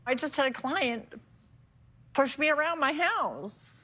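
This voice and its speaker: A woman on a talk show who sounds aggrieved and exasperated. Her voice is high. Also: lively intonation, slow, a bit bright. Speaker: talk show guest, wife. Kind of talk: emotional confrontation.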